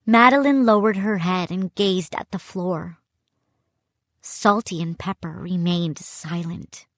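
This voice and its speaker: A woman narrating a spooky children's audiobook in an expressive, dramatic first-person reading. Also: lowish voice, slow, no room sound. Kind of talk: scripted storybook narration.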